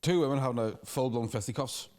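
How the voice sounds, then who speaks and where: A man's voice: mid-range voice, fast talker, darkish tone. A man co-hosting a comedy podcast, chatting casually, swearing and joking. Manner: sweary, joking, does mocking voices. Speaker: podcast co-host.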